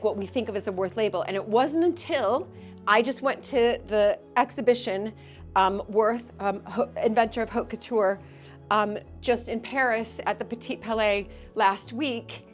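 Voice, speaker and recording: A woman with an English accent talking casually to her vlog audience, breathless and gushing as she squeals with excitement. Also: fairly high pitch. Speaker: vlogger and historic house owner.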